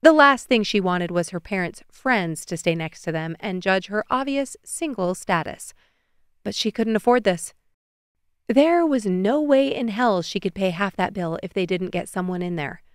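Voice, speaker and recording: A woman reading a romance audiobook as narrator in an even, measured way, recorded close on a studio mic. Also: medium pitch, clear, resonant tone, dry recording.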